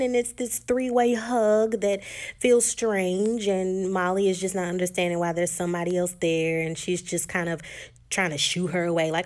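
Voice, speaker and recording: Woman w a lowish voice doing a chill chatty tv recap, lots of "like" and "just", jumps into character lines. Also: steady tone, a little mellow. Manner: chatty, filler-heavy retelling with lots of "like" and "just"; acts out characters' lines in quick shifts of pitch. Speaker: TV recap vlogger. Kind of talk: casual episode recap.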